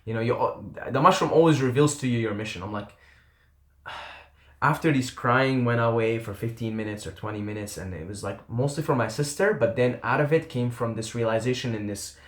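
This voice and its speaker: A man's voice: medium pitch, brisk, a bit bright. A man telling a personal story to camera in a casual, earnest and intense way, often trailing off and swearing. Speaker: vlogger. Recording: roomy echo.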